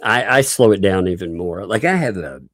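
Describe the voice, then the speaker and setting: Male Southern host, low pitched, slow and self-assured, laughs freely, recorded dry. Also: expressive, no echo. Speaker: livestream host. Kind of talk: casual livestream commentary.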